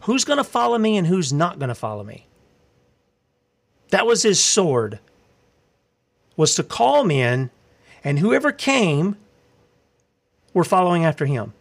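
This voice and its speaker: Fiery, somewhat high-voiced male preacher. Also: very animated, unhurried, vocal fry, pauses often. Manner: fiery, confrontational preaching with rhetorical questions; reads scripture aloud. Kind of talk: sermon.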